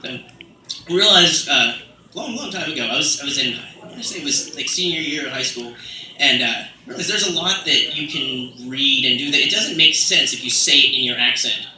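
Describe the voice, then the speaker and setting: With a mid-range, expressive voice, a sharp tone, and a slightly fast delivery, a man wanders through a stand-up routine full of fillers and asides, dropping into fake British accents. The distant mic sounds roomy, with faint ambience and a little hiss or hum.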